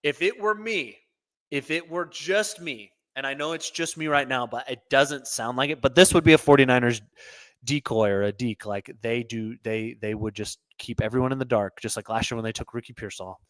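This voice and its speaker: A man's voice: medium pitch, moderate pace, a bit bright, no echo. A man hosting his own show, giving opinionated solo sports commentary that often turns into a rant. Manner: opinionated, rants, repeats himself.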